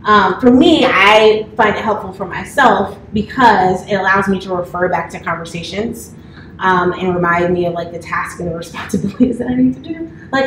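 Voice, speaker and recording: A woman's voice: medium pitch, moderate pace. A woman in her thirties talks a new class through an orientation, her delivery loose and chatty with plenty of filler words. The sound is roomy and echoey, picked up by a mic some distance away, with a faint hiss underneath. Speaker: campus manager. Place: office classroom.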